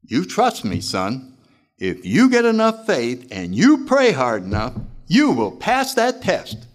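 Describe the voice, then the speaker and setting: A man's voice: on the high side, wildly swooping pitch, slow pace, voice pushed up, heavily acted. A man playing an earnest veteran minister. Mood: insistent.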